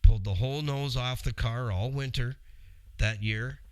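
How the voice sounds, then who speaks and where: Speaking at a moderate pace with a medium-pitched voice, this middle-aged radio host chats his way through a long, meandering story aimed straight at his audience. The recording has a dry sound.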